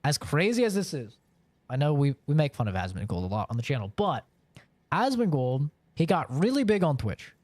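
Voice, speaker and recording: A man's voice: a little high, very animated, brisk, a little mellow, dry recording. A man live-streaming and chatting casually with viewers, rambling along with lots of filler words.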